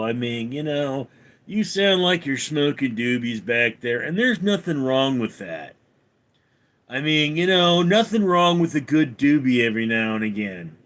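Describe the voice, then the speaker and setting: A man hosting a home livestream, reading viewer comments and answering in a dry, deadpan way. He talks slowly, and his pitch rises and falls a lot from line to line. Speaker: livestream host. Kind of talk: reading live chat aloud.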